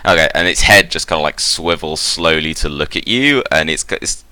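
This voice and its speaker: Very deep-voiced game master narrating. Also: male voice, expressive, brisk, pushed and bright. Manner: casual, rambling narration with fillers.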